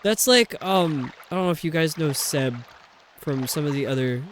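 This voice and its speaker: A little high and expressive, this man's voice moves at normal speed over slight background noise. He's streaming a video game, rambling in casual chat full of fillers.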